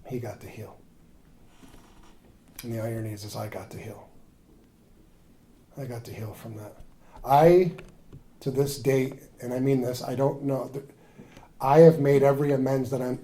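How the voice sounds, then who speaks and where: A man's mid-range voice comes through with a touch of hiss or hum. Speaking at a recovery workshop, he recounts his story like a confession, nearly whispering at tender points and turning animated whenever he plays out the conversations.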